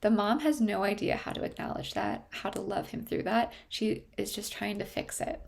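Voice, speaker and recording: A woman's voice: mid-range voice, lively intonation, moderate pace, creaky. A woman therapist explaining a TV series in a thoughtful way, often stopping to search for her words.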